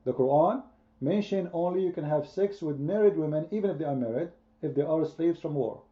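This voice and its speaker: A man's voice: on the high side, brisk, muffled recording. A man hosting a heated online debate, speaking emphatically, repeating his points and quizzing his listeners. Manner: emphatic, repetitive, quizzing the audience. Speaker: debate host.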